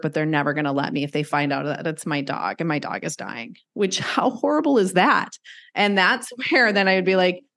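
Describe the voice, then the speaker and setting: A woman with a fairly low voice talks earnestly in a podcast interview. She tells personal stories and slips into the voices of people she quotes. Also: fairly bright tone. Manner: earnest, storytelling, acts out quoted reactions. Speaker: podcast guest, grief counselor. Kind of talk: conversational interview talk.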